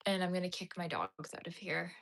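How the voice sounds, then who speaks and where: A tired woman who streams crochet chats casually with her live viewers from home, rambling with lots of fillers and yawning repeatedly. Her voice is lowish, gravelly, and fairly bright, and she speaks animatedly at a fairly quick pace.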